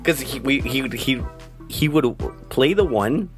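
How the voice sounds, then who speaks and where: A man co-hosting a casual podcast, laughing as he recounts things in a profane, animated way. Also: medium pitch, measured pace, soft background music. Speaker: podcast co-host. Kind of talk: casual chat.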